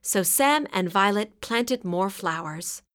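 A woman reading a children's story aloud, gentle and clearly paced. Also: medium pitch, expressive, slow.

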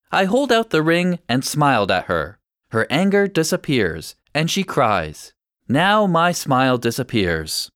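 A man narrating a first-person story in a clear, measured storytelling manner. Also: medium pitch, big pitch swings, fairly bright tone, dry recording, studio quality.

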